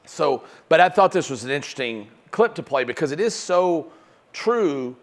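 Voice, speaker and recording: A man teaching sales at a live seminar in front of an audience. He talks in an animated way and keeps checking in with "right?". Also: fairly high pitch, normal speed. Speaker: sales trainer.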